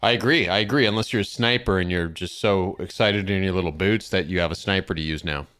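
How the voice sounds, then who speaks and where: A tired man co-hosting a casual gaming podcast, speaking in a halting, hesitant way while yawning. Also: sits low, steady tone, a bit bright, clear, resonant tone. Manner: halting, hesitant, many fillers and restarts. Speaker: podcast co-host.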